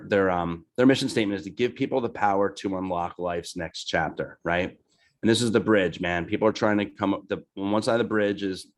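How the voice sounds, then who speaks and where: A man leading a casual team training on sales calls, loose and chatty, often asking "right?" and with a New Jersey accent. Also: low-pitched. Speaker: real estate team leader.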